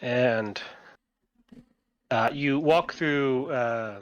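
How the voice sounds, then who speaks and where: A man's voice: medium pitch, very slow, dry recording, highs cut off. A man narrating as game master of a tabletop game, hesitant with many fillers.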